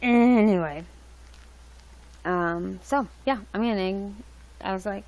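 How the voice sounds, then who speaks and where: Rambling woman with gravelly voice. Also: medium pitch, takes it slowly, long pauses, a little mellow, rough recording. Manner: rambling, loose, with many fillers and restarts. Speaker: livestream host. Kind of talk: casual rambling chat. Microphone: laptop mic.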